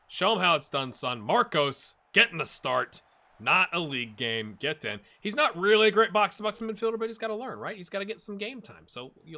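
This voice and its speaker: A middle-aged man giving chatty commentary on his football management game and talking to his viewers. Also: fairly high pitch. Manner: animated, chatty, talks to viewers and players. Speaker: gaming YouTuber. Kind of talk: casual Let's Play commentary.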